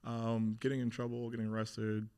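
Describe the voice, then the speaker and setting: A man's voice: mid-range voice, normal speed, smooth. A young man, a guest on an interview podcast, candidly telling a personal story, animatedly acting out what others said, with plenty of swearing and fillers. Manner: animated retelling, acting out quoted voices, frequent swearing and fillers.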